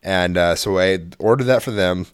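A man's voice: low-pitched, normal speed, clear, resonant tone, no room sound, studio quality. A man in his thirties or forties, a father telling a profane family story on a casual podcast, laughing as he goes. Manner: profane, animated, laughing through anecdotes.

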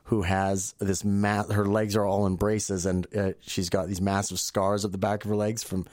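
A man's voice: lowish voice, level tone, normal speed, a little mellow, no room sound, studio quality. A man co-hosting a casual podcast chat, telling stories with wry, chatty asides. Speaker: podcast co-host.

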